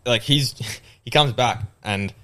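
A man's voice: mid-range voice, slow, pushed and bright. A young man chatting casually on a podcast, rambling with lots of fillers and restarts.

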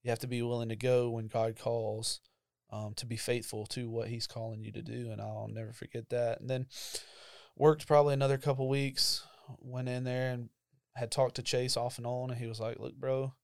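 A man's voice: mid-range voice, little pitch movement, normal speed, darkish tone, no room sound, clean studio sound. A young man, casually telling a personal testimony about his call to ministry, full of fillers and emotion. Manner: conversational storytelling with frequent fillers, emotional. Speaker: church ministry staff member.

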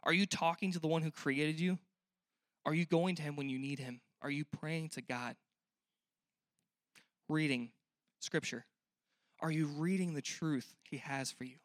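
A man's voice: a little high, a little slow, long pauses, no echo, clean studio sound. A young man preaching a sermon in a church, earnest and conversational, often asking the listeners questions. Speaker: pastor.

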